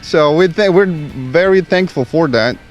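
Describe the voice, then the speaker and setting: A restaurant owner speaking haltingly in a casual outdoor interview. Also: male voice, fairly high pitch, expressive, muffled recording, soft background music. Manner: halting, many fillers.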